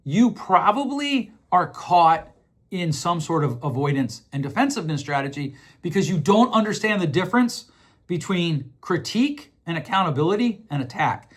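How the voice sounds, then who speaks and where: An earnest man speaking straight to his listeners about handling conflict, his voice sitting a little high. He keeps slipping into quick acted-out snippets of dialogue. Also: sing-song. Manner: earnest, acts out short dialogues with quick shifts in voice. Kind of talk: direct-to-camera advice talk.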